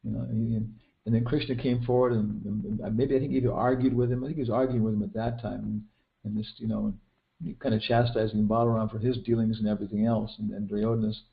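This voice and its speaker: A man's voice: on the low side, little pitch movement, quick pace, vocal fry. An older man giving a casual scripture class, retelling an epic story and film scenes in a rambling way, full of restarts and fillers. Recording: dull lo-fi recording.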